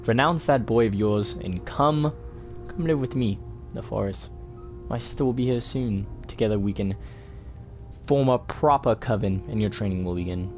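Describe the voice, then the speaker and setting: A man's voice: lowish voice, normal speed, a little mellow, faint music behind, natural voice. Man doing a British-accented scheming witch. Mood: coaxing. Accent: British (put on). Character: scheming old witch writing to her daughter.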